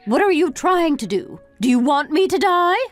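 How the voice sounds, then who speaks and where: An exasperated middle-aged mother who complains in rapid-fire questions, as a woman plays her. Her pitch sits a little high and swings widely from line to line. Soft music plays faintly behind this dramatized family story. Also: big pitch swings. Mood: self-pitying.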